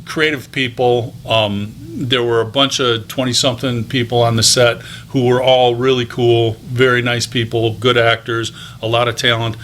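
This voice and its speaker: This is a man in his fifties guesting on an interview show, recounting how he moved from teaching into voice and on-camera acting. His voice is bright and forward. He rambles in a friendly, anecdotal way, with plenty of fillers and restarts. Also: mid-range voice, level tone, moderate pace, hardly any pauses, a little hiss or hum. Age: 50s. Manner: chatty anecdotal telling with frequent ums and restarts. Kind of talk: casual interview storytelling.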